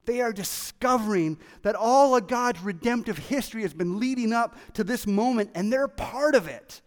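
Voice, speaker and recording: Excitable high-voiced preacher in a reverberant hall. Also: male voice, moderate pace. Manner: excitable, animated, acts out quoted voices. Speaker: pastor. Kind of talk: sermon. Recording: long reverb of a large hall.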